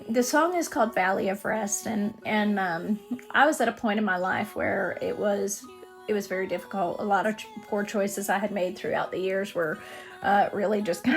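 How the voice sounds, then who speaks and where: A woman's voice: medium pitch, vocal fry. A woman singer-songwriter giving a personal testimony in an earnest, vivid storytelling manner.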